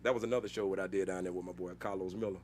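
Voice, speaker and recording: A man, a comedian guest, telling stories in a slangy, animated way, with loud bursts when he acts out scenes. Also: deep voice, rapid-fire, slight background noise. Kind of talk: casual storytelling interview.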